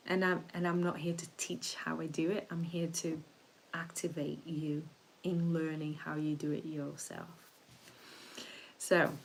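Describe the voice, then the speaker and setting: Woman host of a spiritual livestream, low voice, soft and meandering with restarts, faint hiss on the recording. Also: low-quality recording. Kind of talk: casual reflective livestream talk.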